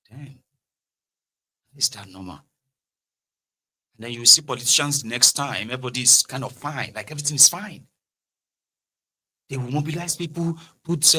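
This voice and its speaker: Animated Nigerian man, very sharp voice. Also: medium pitch, rough recording. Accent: Nigerian, Yoruba-inflected Pidgin English. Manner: animated, switches between pidgin, Yoruba and English, mimics others. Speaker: political commentator. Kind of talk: casual political commentary.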